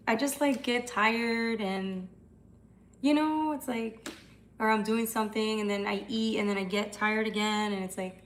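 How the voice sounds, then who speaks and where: A woman's voice: fairly high pitch, a little slow, slight background noise. A young woman hosting a tarot livestream, chatting casually and answering comments, with some swearing.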